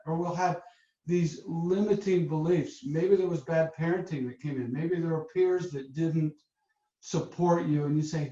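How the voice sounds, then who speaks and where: A man hosting a motivational webinar as a coach, telling stories in a lively, upbeat way over a video call. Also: fairly high pitch, moderate pace. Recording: roomy, dull lo-fi webinar audio.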